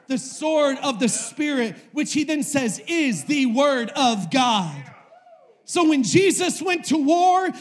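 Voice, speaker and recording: A man preaching a sermon to a live audience, impassioned, swinging between shouting and hushed tones, with many rhetorical questions. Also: very high voice.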